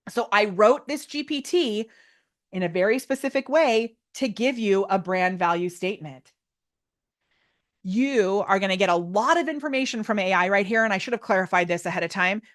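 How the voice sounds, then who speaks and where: A woman runs a live online workshop, demoing on screen with loud, bubbly excitement. She laughs often and keeps her voice at an ordinary middle pitch. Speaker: workshop presenter.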